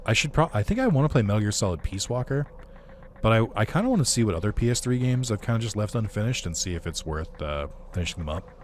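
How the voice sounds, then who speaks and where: A man's voice: on the low side, very animated, fast talker, a little hiss or hum. Laid-back man rambling over gameplay. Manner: rambling and laid-back, with frequent fillers and swearing. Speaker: let's play commentator. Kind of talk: casual gaming commentary.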